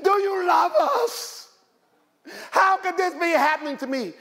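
A man voicing panicking disciples in a storm, shouting and pleading with a cracking, very high voice. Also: expressive, measured pace, full character voice. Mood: panicked pleading.

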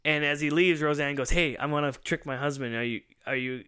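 Bright, clear-voiced man retelling a story. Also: on the high side, brisk. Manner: rambling storyteller who acts out quoted lines, laughs often. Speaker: podcast host. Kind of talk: casual chat.

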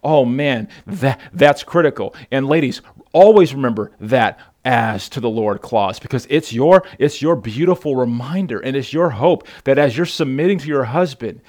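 A man's voice: medium pitch, lively intonation, moderate pace, a little mellow. A male pastor preaching a sermon, emphatic, repeating words and asking the congregation questions.

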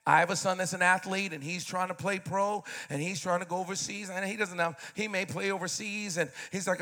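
High, bright-voiced pastor in his fifties. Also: a little fast, hardly any pauses. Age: 50s. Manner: animated preaching, swinging from loud bursts to quiet asides. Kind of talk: sermon.

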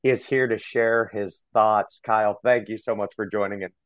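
A man's voice: fairly low pitch, steady tone, moderate pace, dry recording. A man hosting a casual podcast, chatty and upbeat, often laughing. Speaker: podcast host.

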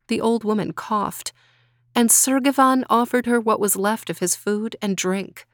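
A woman hosting a children's story podcast, narrating a folk tale in a gentle, measured way. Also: fairly high pitch, no echo, studio quality. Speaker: storyteller host.

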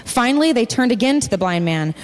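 With lively intonation and a fairly quick pace, a church speaker's sermon rings with big-room sound. She reads passages of scripture and performs the quoted voices, pushing her pitch up for each.

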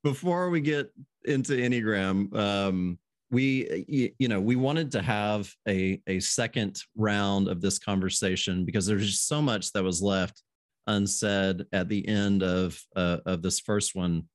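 A man with a lowish voice hosts a relaxed podcast conversation. He is easygoing and chuckles often. The sound is dry and close, with no room echo. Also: unhurried. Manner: easygoing, laughs often, restarts phrases. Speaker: podcast host. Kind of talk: casual podcast chat.

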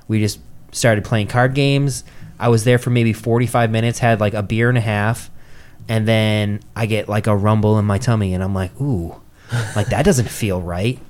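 A young man from New telling a story in casual chat, swearing freely and acting out quotes in a higher, louder voice. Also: fairly even intonation, normal speed. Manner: swears freely, acts out quotes with rising pitch.

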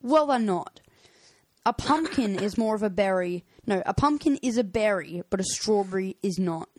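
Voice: medium pitch, animated, moderate pace, slight background noise. A podcast co-host casually reading out fun facts in a playful, upbeat way.

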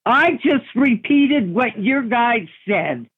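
An indignant woman argues back on a prank phone call. Her voice is high, and she comes through a thin, tinny phone line. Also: expressive, takes it slowly, husky. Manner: indignant, argumentative.

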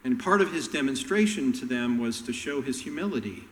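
A man preaching a sermon, telling Bible stories and acting out the characters' lines with animated voices. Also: medium pitch, brisk, big-room sound, low-quality recording. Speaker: pastor.

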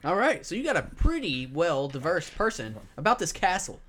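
A man running a tabletop game in a loose, joking way, with casual swearing. His speech has lively pitch movement in a fairly high register. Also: moderate pace. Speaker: game master.

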